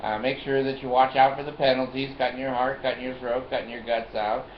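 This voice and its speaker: Speaking fairly quickly at a medium pitch with little rise or fall, an older vlogger spins a rambling story about himself. He laughs often and keeps repeating things. The recording is lo-fi, dull and roomy, with faint hiss.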